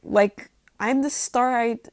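Young woman, fairly high voice, dry close sound, unscripted racy storyteller with lots of "like" and swearing. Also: fairly even intonation, slow pace, no room sound.

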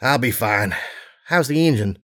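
Worn-out mother pony, gruff but loving, low tired delivery, read by a man. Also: expressive, a little slow, fairly bright tone.

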